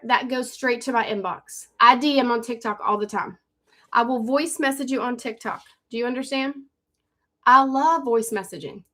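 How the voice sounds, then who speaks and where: Lady on a phone live going fast, pushy sales talk, kinda high, really bright voice. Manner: urgent, pushy, repeats herself, calls out viewers by name. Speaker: livestream host selling online courses. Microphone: phone on a live stream.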